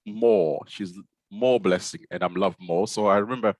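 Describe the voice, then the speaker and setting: A middle-aged man with a Zimbabwean accent that years in the UK have smoothed, speaking in a fairly low voice. He tells his story casually and pokes fun at himself, with many fillers and restarts. He is recorded on a dry, close mic. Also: moderate pace, dry recording. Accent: Zimbabwean, softened by years in the UK. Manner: relaxed, self-deprecating, many fillers and restarts. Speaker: guest, consultant pediatrician.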